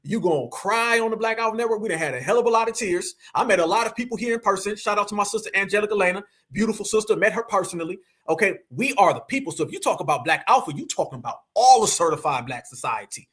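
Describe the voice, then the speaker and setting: A man's voice: high voice, expressive, fast, few pauses, a bit bright. An American man hosting a livestream, speaking as an activist in a preachy, rallying monologue that keeps calling his viewers family. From United States. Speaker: host and activist.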